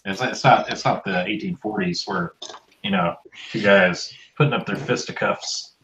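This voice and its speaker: A low-voiced man speaks in a laid-back, agreeable tone as he talks to viewers on a live stream. His voice sits in a roomy space with a dull, lo-fi sound and faint background hiss. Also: normal speed, fairly bright tone. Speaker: podcast co-host. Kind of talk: casual live stream chat.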